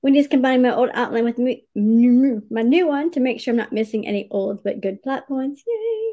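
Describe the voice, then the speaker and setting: A woman's voice: a little high, normal speed, narrow, tinny audio. A woman hosting a casual livestream writing sprint, cheerfully greeting viewers by name, reading their comments aloud and laughing often.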